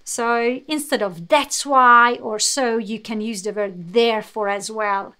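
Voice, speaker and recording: A woman's voice: on the high side, fairly even intonation, measured pace, pushed and bright, clear, resonant tone. A woman with a Hungarian accent, a native Hungarian speaker, teaching English words live to her viewers and encouraging them to use them. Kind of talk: live online language lesson.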